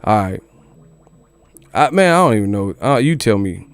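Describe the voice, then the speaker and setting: A man's voice: on the low side, sing-song, normal speed, dry recording. A man hosting a boxing news channel in casual commentary, joking and incredulous, with plenty of swearing. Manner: incredulous, joking, profane rant.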